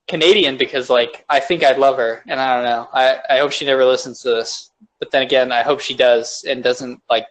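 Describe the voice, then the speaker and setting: A young man co-hosting a podcast in a rambling casual chat, full of fillers and loud laughs. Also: mid-range voice, low-quality recording. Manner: rambling, laughs loudly, lots of "like". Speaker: podcast co-host.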